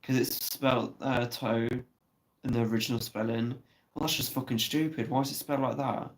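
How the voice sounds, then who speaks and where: A man's voice: mid-range voice, fairly even intonation, brisk, poor audio. Chatty man hosting a live stream. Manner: swears casually, chatty and teasing. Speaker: livestream host. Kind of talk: casual live chat reading comments.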